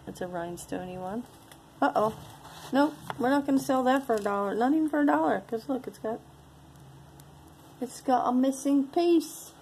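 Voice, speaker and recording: An online jewelry seller chats casually with viewers as she shows and sells pieces, rambling and talking to herself between items. Her voice is medium-pitched with a darkish tone, and the audio is poor with slight background noise.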